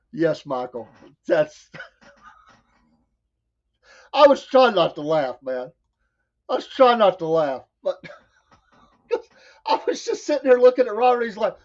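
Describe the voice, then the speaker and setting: A man's voice: sits high, big pitch swings, slow, long pauses. Laughing Southern man telling stories. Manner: laughing storyteller, quoting others in voices. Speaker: show co-host. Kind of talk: casual chat. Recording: dull lo-fi sound.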